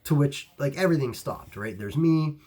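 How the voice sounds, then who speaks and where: A man who runs a martial arts gym, telling a story to camera in a casual, animated way, full of restarts and fillers. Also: fairly high pitch, normal speed. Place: Ohio.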